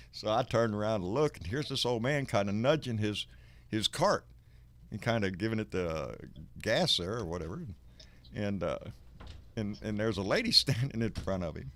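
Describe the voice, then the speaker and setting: A man hosting a live talk show, telling a story in an animated way and cursing freely. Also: on the low side, moderate pace. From Texas. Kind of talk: casual chat with a caller.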